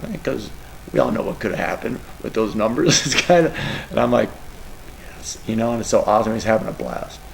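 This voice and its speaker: Gravelly emotional middle-aged man. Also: fairly low pitch, animated, brisk, slight background noise, low-quality recording. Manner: emotional, rambling, tearful at times. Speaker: college football coach. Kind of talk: press conference answers.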